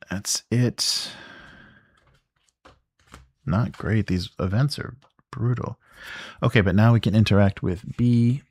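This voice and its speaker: A man playing a solo board game adventure, reading the story text aloud with relaxed, muttered asides. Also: deep voice, dry recording, clean studio sound.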